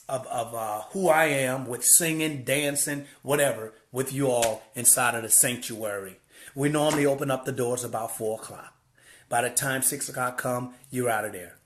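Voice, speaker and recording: A man sharing a personal testimony in a vlog, an animated, preacherly storyteller who repeats phrases for emphasis. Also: mid-range voice. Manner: preacherly, heartfelt. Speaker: church volunteer sharing his story.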